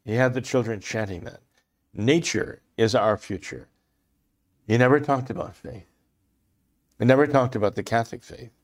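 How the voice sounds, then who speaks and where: Emphatic and a little fast, a medium-pitched male voice offers fervent religious commentary. He repeats phrases to drive his points home and frequently clears his throat.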